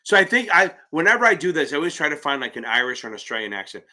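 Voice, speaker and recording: A man's voice: on the high side, big pitch swings, racing, pushed and bright. Blunt, swearing man tutoring on a live stream. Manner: blunt, rambling, swears casually. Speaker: exam prep tutor.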